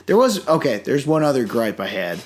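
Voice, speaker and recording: A man's voice: medium pitch, very animated, fairly quick. A man co-hosting a podcast, talking casually and enthusiastically with frequent restarts and asides. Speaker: podcast co-host. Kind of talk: casual chat.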